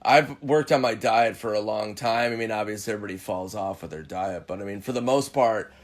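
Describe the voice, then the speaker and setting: A man's voice: lowish voice, fairly quick. A man from Minnesota, a comedian guest, telling rambling profane stories in casual podcast chat. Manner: rambling, profane storytelling with voiced impressions.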